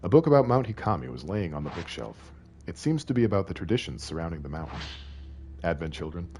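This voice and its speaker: A man's voice: low voice, very animated, fast talker, darkish tone, a little hiss or hum. A man streaming a game, chatting playfully with viewers, rambling between lines of game text he reads aloud. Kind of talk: casual live-stream chat while playing.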